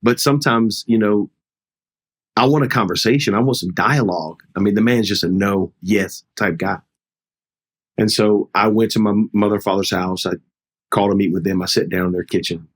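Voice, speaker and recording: Middle-aged male pastor, low-pitched, heartfelt storyteller on an interview show. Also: steady tone, fairly quick. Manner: earnest, heartfelt, re-enacts dialogue. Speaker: pastor, guest. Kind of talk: conversational storytelling.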